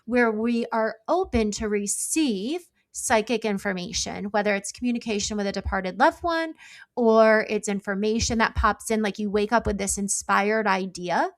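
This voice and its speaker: A woman's voice: medium pitch, normal speed. A middle-aged woman, a psychic guest on an interview show, explaining in an earnest, conversational way with frequent fillers. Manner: explanatory, earnest, uses many likes.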